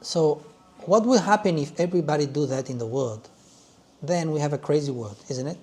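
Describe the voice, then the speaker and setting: A male yoga teacher leading a class in an animated way, with halting phrasing and frequent "yes?" check-ins. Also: on the high side. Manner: loose, halting phrasing with restarts.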